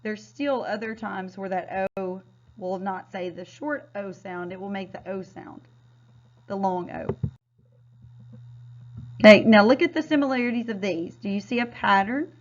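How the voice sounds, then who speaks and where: A woman teacher giving a recorded phonics lesson, modeling words clearly and patiently. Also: medium pitch, a little slow, slight background noise. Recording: dull, lo-fi sound.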